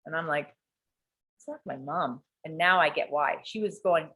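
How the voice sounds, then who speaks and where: Animated, candid woman telling a story. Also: fairly low pitch, moderate pace. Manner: animated, swears freely, acts out quotes. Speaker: coaching client sharing a story.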